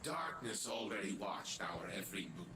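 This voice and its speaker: A scheming old artificial mind, self-assured and unhurried. His voice sits low and steady, every word measured out like a man sure he is right. Game cutscene delivery, close and clean. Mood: smug, defensive. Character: scheming old male AI of a scientist. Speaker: video game character. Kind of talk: video game cutscene dialogue.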